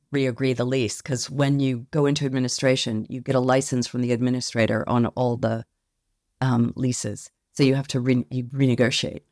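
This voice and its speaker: A woman being interviewed as a company founder, speaking in a reflective, measured way and often hedging her points. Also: very deep voice, darkish tone, no echo, studio quality. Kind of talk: podcast interview.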